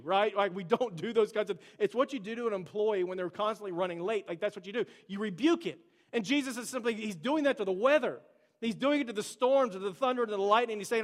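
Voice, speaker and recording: A man with a notably high voice preaches a relaxed, conversational sermon, slipping into casual asides and voicing the quoted scripture. His words ring out with the long reverb of a church hall. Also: brisk. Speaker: pastor.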